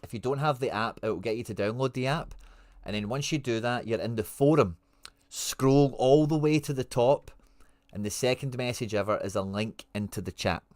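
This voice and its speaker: A man's voice: on the low side, no echo. A man with a Scottish accent hosting a casual livestream, reading out viewer comments and answering them in informal, friendly slang. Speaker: livestream host.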